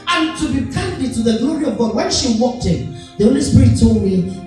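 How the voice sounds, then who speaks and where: A woman's voice: very animated, normal speed. Nigerian woman preacher in an echoey hall. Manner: storytelling preacher, acts out quotes with sudden high shouts. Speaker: apostle. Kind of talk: sermon. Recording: echoey hall, voice from far off, music behind.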